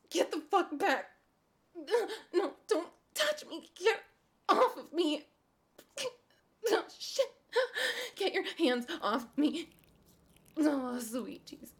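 A woman acting in an erotic audio role-play as a desperate, pleading, domineering adult woman, breathy and alternating between whispers and sobs. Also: high voice.

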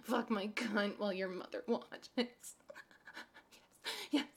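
A woman acting in an erotic audio role-play as a desperate, pleading, domineering adult woman, breathy and alternating between whispers and sobs. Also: medium pitch, fairly even intonation, takes it slowly.

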